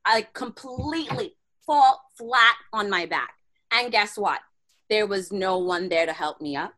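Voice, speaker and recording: A woman guest telling a personal story in animated, slangy conversation, acting out her own inner dialogue. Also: mid-range voice, unhurried. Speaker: podcast guest.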